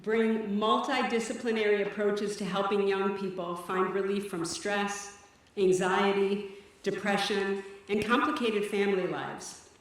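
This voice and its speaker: A woman directing a teen services program, giving an earnest, measured speech at a benefit event on stage. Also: mid-range voice, steady tone. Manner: earnest, measured, slightly breathless delivery. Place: event stage in a large hall. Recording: echoey hall from far off.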